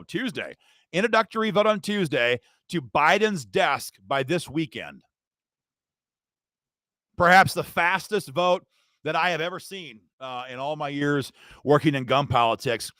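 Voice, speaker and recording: A man's voice: fairly high pitch, a bit bright, no echo. A man hosting an advocacy livestream, indignant and fired up, talking straight to his viewers. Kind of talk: impassioned political livestream rant.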